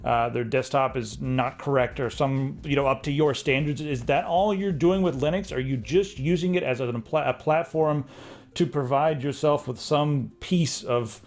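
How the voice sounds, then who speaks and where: A man's voice: mid-range voice, moderate pace. A man co-hosting a casual tech discussion, ranting and critical, with frequent restarts. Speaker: co-host.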